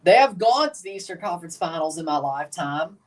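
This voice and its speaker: A slightly hoarse man in his twenties, chatting through a livestream watchalong with running play-by-play asides. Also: on the high side, animated, brisk. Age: 20s. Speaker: streamer reacting to a match.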